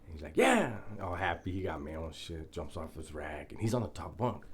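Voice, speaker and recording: A man's voice: sits low, big pitch swings, brisk, slight background noise. A man telling a prison story in a laid-back, profane, casual way, often breaking into laughter.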